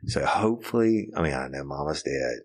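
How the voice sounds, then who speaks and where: A man's voice: extremely low pitch, lively intonation, a little fast. A man, co-hosting a casual podcast chat, joking and rambling with some profanity. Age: 50s. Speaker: podcast co-host.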